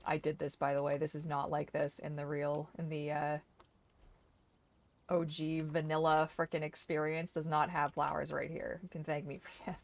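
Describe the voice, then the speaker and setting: A young woman streamer giving casual gameplay commentary, chatty, swearing freely and exclaiming loudly at the game. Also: low-pitched, flat delivery, normal speed. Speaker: gaming streamer.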